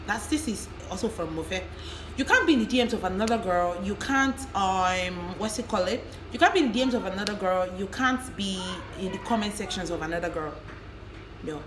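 A young Nigerian woman vents straight to camera, blunt and mocking, dropping curses as she scolds. Her fairly low voice rings in a roomy room, and a faint hiss sits underneath. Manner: blunt, profane, emphatic, mocking. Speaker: vlogger. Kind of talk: ranting vlog to camera.

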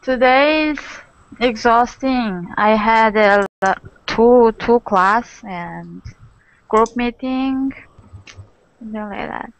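A young woman from Mongolia speaking slow, careful learner English with a slightly raised pitch. Her words come haltingly as she describes her day. The sound is dry and close, with no room echo. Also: dull audio. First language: not English. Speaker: student.

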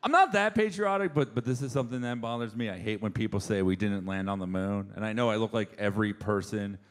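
A man from Florida doing a stand-up set on a club stage, punchy with shouted bursts. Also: fairly low pitch, quick pace, slight background noise. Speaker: stand-up comedian.

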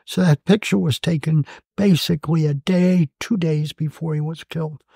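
A man in his eighths decade, a Marine veteran, telling his story in an oral-history interview, halting and emotional with many fillers and restarts. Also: a little high, steady tone, creaky, dark tone, husky, dry recording. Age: 80s.

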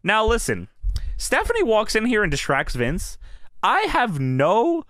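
A man's voice: high voice, wildly swooping pitch, unhurried, fairly bright tone, no echo, clean studio sound. A man co-hosting a podcast in casual chat, laughing often, swearing freely and acting out quoted lines. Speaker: podcast co-host recapping wrestling.

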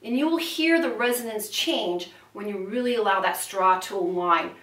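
A woman's voice: mid-range voice, normal speed, fairly bright tone. A woman voice teacher giving a vocal lesson, explaining exercises and at times talking through a straw. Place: studio room. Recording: roomy, from a distance.

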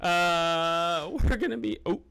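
A man's voice: high-pitched, takes it slowly, gravelly, sharp tone, clear, resonant tone. A young man streaming a game live, chatting casually and greeting viewers by name as he plays and eats. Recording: music playing underneath.

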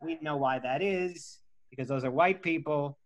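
A man co-hosting a casual comedy panel chat, speaking haltingly with many fillers and questions. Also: a little high.

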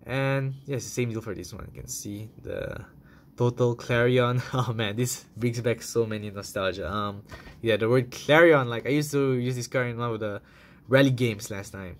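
A man's voice: mid-range voice, normal speed. A young man casually reviewing toy cars in a chatty, enthusiastic vlog style, full of fillers.

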